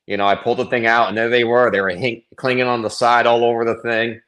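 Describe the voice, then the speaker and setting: A man's voice: medium pitch, flat delivery, fast talker, a bit bright. A man, a cranberry grower, talking as a guest in a casual interview, telling things in a rambling, hesitant way.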